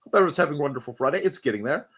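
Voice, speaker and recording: A playful man hosts a loose live chat show, bouncing between jokes and quick asides. His voice sits a little high and swings widely in pitch, so he sounds lively and animated throughout. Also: husky. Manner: playful, slips into silly voices. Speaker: host.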